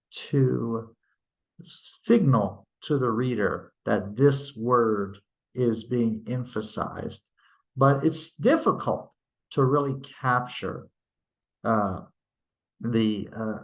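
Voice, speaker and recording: A man's voice: medium pitch, creaky, a bit bright. A male teacher giving a recorded lecture, explaining patiently and stopping to act out example sentences. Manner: slow, deliberate, explains patiently with tag questions; demonstrates intonation by acting out sentences.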